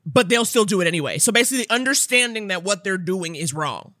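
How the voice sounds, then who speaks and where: A woman from New York City co-hosting a comedy podcast, with a bright, sharp tone and a lively pitch. She rants and explains with conviction, and her voice sounds dry and close. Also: quick pace, no echo. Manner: emphatic, ranting, explains with conviction. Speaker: podcast co-host. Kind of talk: casual comedic chat.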